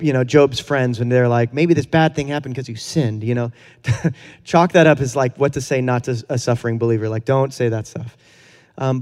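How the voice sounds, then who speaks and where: A man's voice: mid-range voice, mellow, big-room sound. A man preaching a conversational sermon in a casual, earnest way, with fillers and chuckles. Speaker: pastor.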